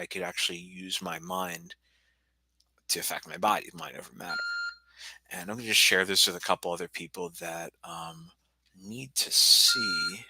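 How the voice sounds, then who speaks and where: In a rough recording, a low-pitched American man with a sharp tone addresses his livestream audience in an agitated, rambling monologue that includes a phone call. He repeats himself and at times drops almost to a whisper.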